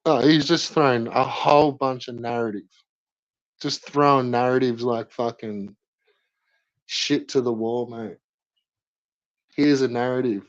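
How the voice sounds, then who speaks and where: A man's voice: mid-range voice, fairly even intonation, a little slow, pauses often, no room sound. A young man doing live stream commentary, mocking a rival in profane banter with lots of laughter. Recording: dry, slightly dull lo-fi mic.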